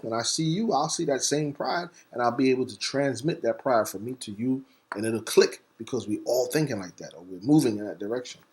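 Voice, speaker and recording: A man hosting a talk segment, delivering a fiery, preacher-like monologue. He spells words out letter by letter and swings between rapid bursts and slow, stressed words. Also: mid-range voice. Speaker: host. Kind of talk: impassioned monologue.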